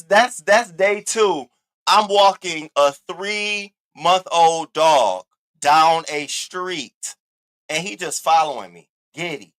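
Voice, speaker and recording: A man hosting a commentary channel, chatting casually, loud and profane, talking straight to his viewers. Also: a little high, no room sound.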